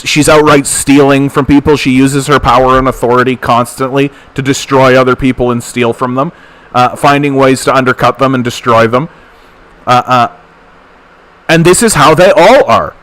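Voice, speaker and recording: A man from Canada hosting a livestream political commentary show, ranting fast with repeated phrases and stammered restarts. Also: mid-range voice, fairly even intonation, a bit bright, dry recording. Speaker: host.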